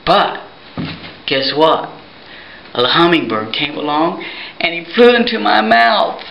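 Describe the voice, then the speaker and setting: A Sunday school teacher telling a silly memory story for children in slow, singsong chanting. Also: mid-range voice, sing-song, gravelly, a bit bright, slight background noise. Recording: roomy, dull home video recording.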